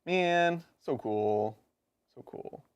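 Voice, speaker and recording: A man co-hosting a live stream, chatting casually and quickly about tabletop game rules, with laughs and quick asides. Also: mid-range voice, expressive, clear, resonant tone. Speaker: co-host of a tabletop gaming stream.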